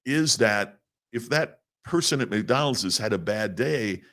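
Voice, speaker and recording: Middle-aged man, podcast guest; very low voice, earnest storyteller who stumbles and restarts. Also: lively intonation, measured pace, a bit bright. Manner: earnest, repeats words at starts.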